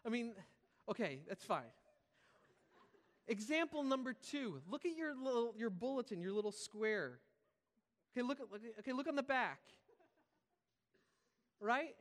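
In a large church hall with a reverberant sound, a man with a very high-pitched voice delivers a humorous sermon as a pastor. His intonation is lively and his pace a little slow, with long pauses as he jokes, acts out voices, and adds laughing asides.

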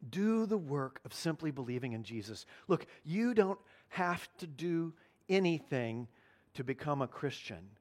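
A man preaching a sermon as pastor, earnest, slowing down to stress key lines. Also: on the high side. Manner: earnest preaching, slows down for emphasis.

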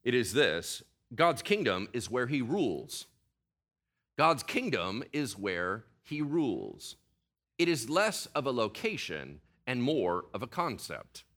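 Animated pastor with a bright voice. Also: male voice, medium pitch, takes it slowly. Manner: conversational, animated, asks the congregation questions. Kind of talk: sermon.

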